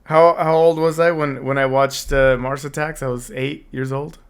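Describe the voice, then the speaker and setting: A man in his thirties chats loosely on a podcast, his voice hoarse and slipping away. He laughs easily and keeps clearing his throat between rambling stories. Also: mid-range voice, little pitch movement, moderate pace. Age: 30s. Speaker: podcast co-host. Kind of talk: casual chat.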